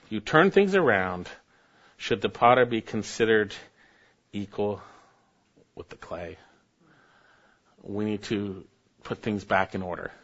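A man preaching a sermon, reading scripture aloud and building to sudden emphatic rises in pitch and force. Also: fairly bright tone, highs cut off. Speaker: pastor.

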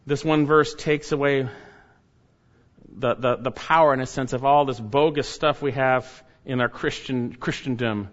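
A man's voice: steady tone, a little slow. Emphatic preacher man, dull lo-fi sound. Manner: emphatic preaching, swinging from loud high stresses to quiet low asides. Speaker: pastor. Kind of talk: sermon.

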